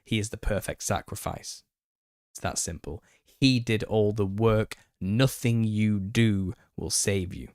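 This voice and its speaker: A man hosting a live Q&A stream, opinionated and quick to get worked up, laughing as he rants. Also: on the low side, a little mellow, dry recording, studio quality. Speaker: channel host. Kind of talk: live Q&A monologue.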